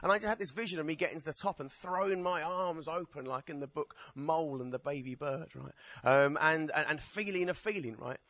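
A man's voice: fairly high pitch, fairly quick, hardly any pauses, a bit bright, no room sound. Man, stand-up poet, rambling, self-deprecating, dry sound. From Essex, England. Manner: rambling, self-mocking, chatty with the crowd. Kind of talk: stand-up comedy with poetry performance.

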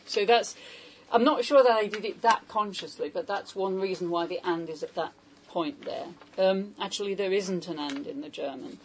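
A woman's voice: medium pitch, moderate pace, slight background noise, low-quality recording. A woman translator giving an informal talk on poetry to a small audience, hesitant and full of questions to the room. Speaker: poetry translator leading a salon.

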